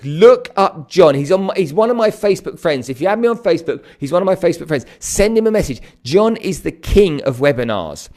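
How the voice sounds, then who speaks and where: An energetic man, hosting a live stream to viewers and often checking in with "okay?". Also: on the high side, fairly quick, hardly any pauses. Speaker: host.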